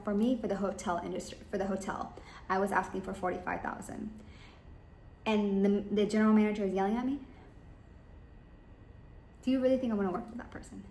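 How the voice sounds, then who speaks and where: A woman giving rambling, emphatic business advice straight to her listeners. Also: mid-range voice. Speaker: business coach. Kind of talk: advice monologue. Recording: echoey room with faint ambient noise.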